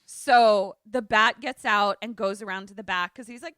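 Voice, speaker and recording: A young adult woman on a podcast, casually retelling a film's plot and jumping into quick voices for each character. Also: medium pitch, clean tone, no echo, clean studio sound. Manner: animated storyteller, acts out characters in quick voices. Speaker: podcast co-host.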